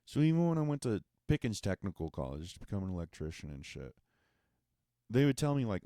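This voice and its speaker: A man's voice: lowish voice, big pitch swings, fairly quick, warm tone, no echo, clean studio sound. A man hosting a podcast, telling a sarcastic, profane and exasperated comedic monologue. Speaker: podcast host.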